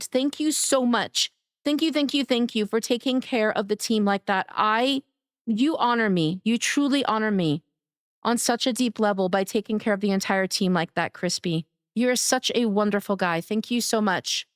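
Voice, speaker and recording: A woman streamer chatting casually with her live chat, greeting viewers by name in an affectionate way, her voice a little raspy. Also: on the high side, normal speed, no echo, clean studio sound. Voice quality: somewhat raspy today.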